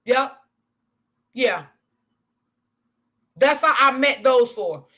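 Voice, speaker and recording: A woman's voice: sits high, lively intonation, very slow, bright, forceful tone, husky. A woman hosting a casual livestream, talking candidly to her chat, swearing freely and laughing often. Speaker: livestream commentary host.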